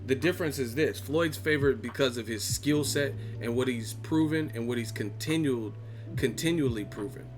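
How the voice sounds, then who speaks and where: A man's voice: mid-range voice, moderate pace, soft background music. Profane, mocking male live-stream host. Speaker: boxing channel host. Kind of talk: live-stream chat commentary.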